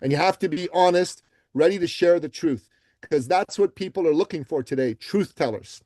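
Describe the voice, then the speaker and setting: A man from Iran, a podcast guest, telling success stories with animated, emphatic delivery. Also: a little high, normal speed, no echo. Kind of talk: energetic storytelling interview answers.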